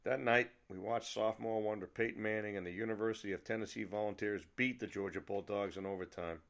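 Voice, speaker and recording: A man's voice: fairly low pitch, steady tone, fast. A middle-aged man from New England hosting a podcast, telling a personal story with wry asides. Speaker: podcast host.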